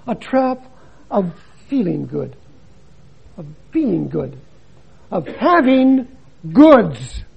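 Older male preacher, higher-pitched, gravelly and husky, dramatic sermon delivery, dull lo-fi recording. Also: big pitch swings, extremely slow, long pauses. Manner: dramatic, swings between loud emphasis and hushed drops. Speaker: missionary preacher.

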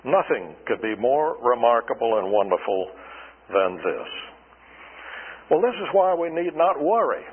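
A man preaching a sermon in a slow, deliberate way, asking his congregation rhetorical questions. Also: medium pitch, sing-song, slightly rough. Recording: tinny radio broadcast with long reverb.

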